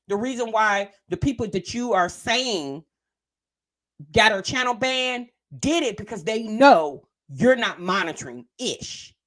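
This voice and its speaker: Brief: sassy woman commentator, bouncy lively pitch, blunt and teasing, reaction-channel host. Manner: sassy, blunt, calls the other woman girl, sis and child.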